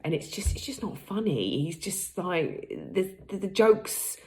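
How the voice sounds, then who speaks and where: A woman's voice: on the low side, lively intonation, measured pace. A woman in her thirties telling a frank, laughing story in a casual vlog, acting out what people said. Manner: chatty, frank and laughing, acts out quotes. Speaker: vlogger.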